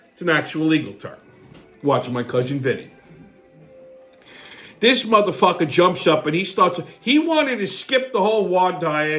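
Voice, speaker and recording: A man's voice: high voice, pushed and bright. A man hosting his own show, telling a long story in a blunt, rambling and profane way. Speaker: host. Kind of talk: casual storytelling monologue.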